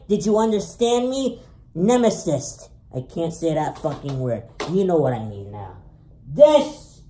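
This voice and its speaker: A man from Canada hosting a crude comedy video, showing off photos of friends with drawn-out delivery, swearing and sudden shouts. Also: sits high. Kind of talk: comedic show-and-tell monologue. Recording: echoey room.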